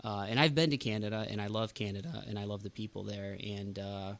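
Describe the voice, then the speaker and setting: A man's voice: on the low side, fairly even intonation, brisk, vocal fry, fairly bright tone. A man hosting a podcast in casual chat, ranting with emphatic outbursts. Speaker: podcast host.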